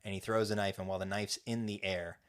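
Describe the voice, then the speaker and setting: A man co-hosting a podcast, excitedly recapping scenes in casual chat. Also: lowish voice, quick pace, clear, resonant tone. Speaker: podcast co-host.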